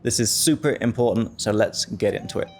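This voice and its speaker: A man teaching an online English grammar lesson, upbeat and slowing right down to model each example sentence. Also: fairly low pitch, a little mellow, a little hiss or hum.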